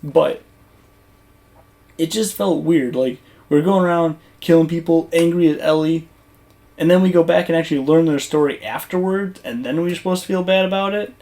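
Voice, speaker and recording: A gaming YouTuber talking casually over gameplay footage, rambling and conversational with lots of fillers and restarts. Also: male voice, fairly high pitch, moderate pace, mellow.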